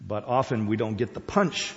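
An older man teaches scripture in a relaxed, folksy way, chuckling and circling back on his words. His voice carries a long reverb, as if from a large hall, and the sound is somewhat dull. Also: lowish voice, moderate pace. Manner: folksy and chatty, with chuckles and restarts. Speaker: Bible teacher. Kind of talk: conversational Bible teaching.

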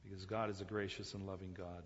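A male pastor preaching a sermon dynamically, swinging between loud emphatic calls and hushed asides, repeating phrases for emphasis and addressing listeners as folks. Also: sits low, flat delivery, quick pace. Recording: muffled recording in a long-echo hall.

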